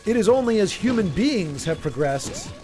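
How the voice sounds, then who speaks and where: A man with a high voice chats as he plays a game, rambling and animated, with frequent stammered restarts. Game music sits faintly behind him. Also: moderate pace. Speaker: streamer. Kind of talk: casual chat while gaming.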